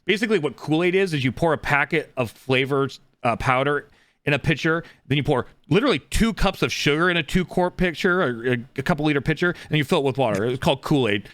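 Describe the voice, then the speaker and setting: A man's voice: on the high side, animated, fast talker, fairly bright tone, no room sound. A man from the Pacific Northwest co-hosting a casual podcast, rambling through stories with many restarts and asides. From Pacific Northwest, USA. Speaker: podcast co-host and streamer.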